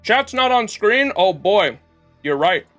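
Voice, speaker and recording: A man with a bright, clear tone talks loosely over a game stream and reads story text aloud, stumbling and restarting as he goes. Soft game music runs underneath. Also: high-pitched, big pitch swings, slow pace. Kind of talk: casual livestream commentary and lore reading.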